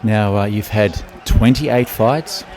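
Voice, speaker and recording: A man's voice: on the low side, takes it slowly, music in the background. A man with an Australian accent hosting a casual interview, matey and easygoing. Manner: matey, easygoing, says "mate" a lot. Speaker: show host. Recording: crowd noise behind.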